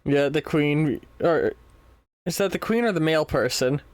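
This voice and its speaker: A man's voice: on the high side, measured pace, dry recording. Dry-voiced man reacting while reading aloud. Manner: animated, reacts out loud, reads panel text. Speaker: streamer reading a webcomic aloud. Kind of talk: casual live read-along chat.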